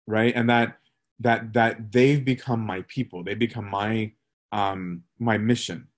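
A male priest teaching on a scripture passage in a relaxed, conversational way, reading verses aloud and often checking in with "right?". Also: on the low side, a little slow. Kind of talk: scripture study talk.

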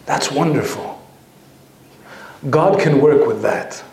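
A man quoting a calm older male priest mentor who speaks gently and patiently. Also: fairly high pitch, a little slow, roomy sound. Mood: gentle.

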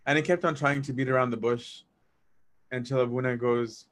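A man's voice: mid-range voice, moderate pace. Man telling a personal story. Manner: animated, reenacts dialogue, laughs while telling. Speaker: storyteller recounting memories of a monk. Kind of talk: casual spoken storytelling.

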